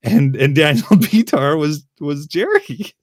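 Laughing, halting man in casual chat. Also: on the high side, animated, no echo, studio quality. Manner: laughs often, halting restarts. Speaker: podcast host.

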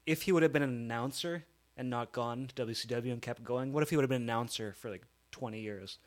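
A man's voice: mid-range voice, fast talker. A man chatting casually, musing aloud with questions. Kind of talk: casual chat.

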